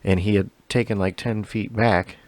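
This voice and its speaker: A man co-hosting a podcast meanders through a long story, full of profanity and his own laughter. His fairly low voice is a little mellow, with fairly even intonation and normal speed, and there is no echo.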